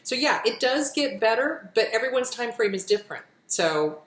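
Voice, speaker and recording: A middle-aged woman giving self-help advice in a casual, gentle, reassuring way, often repeating her phrases and answering questions frankly. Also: a little high, lively intonation, normal speed. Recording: roomy echo.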